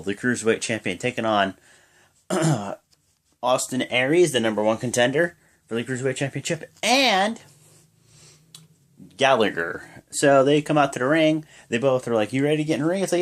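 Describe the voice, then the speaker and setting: A young man giving a casual, rambling play-by-play recap of a wrestling show, jumping into high yells when he acts out the wrestlers' lines. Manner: rambling with many fillers.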